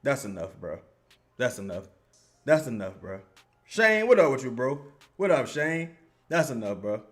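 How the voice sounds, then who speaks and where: Medium in pitch and moderate in pace, this young streamer provides watch-along commentary on a basketball game. He curses, says things twice, and calls out chatters by name, getting worked up at the players and then settling again.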